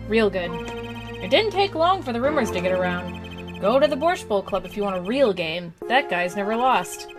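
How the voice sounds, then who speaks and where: A woman's voice: mid-range voice, big pitch swings, normal speed, close to an everyday voice. A woman voicing a wry young male defense attorney with dry narration. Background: game music.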